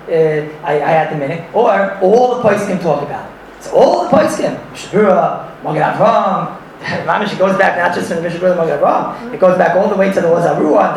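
A man leads a lively Torah class for an audience, his voice pitched fairly high and full of laughter as he mixes Yiddish and Hebrew terms into his English. He is recorded from a distance in a very echoey room, with a faint hiss underneath. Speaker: Torah teacher. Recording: echoey room, far from the mic.

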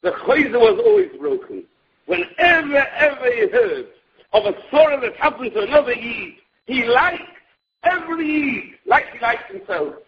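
A man preaching a story with animated delivery and frequent restarts, in a dull lo-fi recording. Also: normal speed. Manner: animated, sweeping pitch, restarts. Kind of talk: storytelling sermon.

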